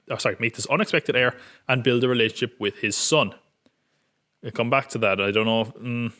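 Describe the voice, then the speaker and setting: A man's voice: mid-range voice, a bit bright. Wry male podcast host. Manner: wry, self-mocking, joking. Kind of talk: casual film preview chat.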